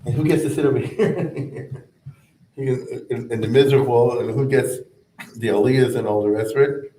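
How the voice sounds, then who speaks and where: A man's voice: medium pitch, fairly even intonation, normal speed, dark tone, a little hiss or hum. A man teaching a rabbinic class in a conversational style, chanting verses and then explaining them with frequent asides. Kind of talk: informal explanatory lecture. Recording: echoey room, mic at a distance.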